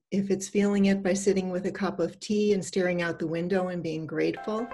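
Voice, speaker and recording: An older woman, an empowerment coach, speaking in a gentle, conversational, encouraging way. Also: lowish voice. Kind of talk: casual advice talk.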